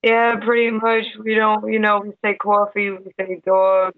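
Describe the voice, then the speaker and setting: New york lady on a tinny skype call, flat kinda high voice, friendly chat. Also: moderate pace, no room sound. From Hudson Valley, New York. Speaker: interview guest. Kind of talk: casual interview on a call. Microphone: video call. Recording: tinny internet call audio.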